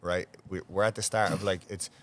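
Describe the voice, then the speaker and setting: A deep-voiced Irish man chats casually on a podcast. He is eager and talkative, and he sets up stories for his co-hosts. His voice sits low. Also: fairly even intonation, fairly quick.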